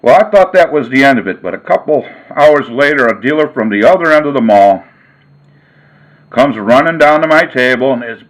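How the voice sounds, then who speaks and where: A man and sports card vlogger telling a casual story in a folksy, relaxed way. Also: mid-range voice, fairly quick, rough recording.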